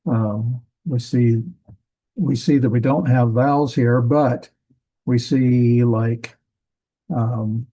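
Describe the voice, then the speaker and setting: A man with a soft, warm voice leads a classroom lesson. He explains patiently and unhurriedly, often stalling with fillers and going back to restart his sentences. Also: medium pitch, steady tone, slow, poor audio. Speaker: Bible language teacher. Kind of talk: classroom lecture.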